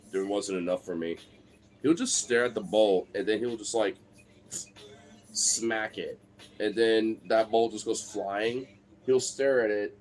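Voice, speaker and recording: A young man and streamer chatting casually, rambling with lots of filler words and swearing, now and then breaking into a high excited baby-talk voice. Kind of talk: casual chat.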